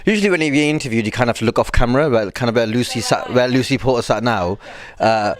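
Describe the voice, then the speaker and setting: A man's voice: mid-range voice, fast talker. A man from northern England, a comedian chatting casually as a guest, wry and self-deprecating. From Blackburn, northern England. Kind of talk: casual chat.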